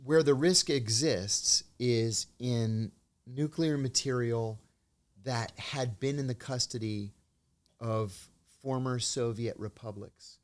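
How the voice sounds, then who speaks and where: A middle-aged man, a former intelligence officer, telling measured anecdotes as an interview guest. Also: medium pitch. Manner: measured anecdotal storytelling, acts out quoted dialogue. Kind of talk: storytelling in an interview.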